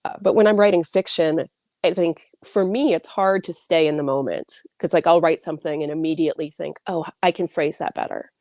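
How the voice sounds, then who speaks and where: Chatty woman author with a low voice. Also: fairly even intonation, fairly quick, darkish tone, no room sound, clean studio sound. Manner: chatty, many likes and restarts. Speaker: author guest. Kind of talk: casual interview answers.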